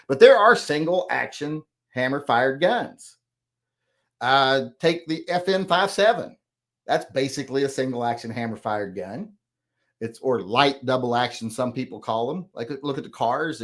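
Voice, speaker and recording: Middle-aged guy rambling thru viewer comments, corrects himself a lot, plain talk. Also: mid-range voice. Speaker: host. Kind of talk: casual chat reading viewer comments.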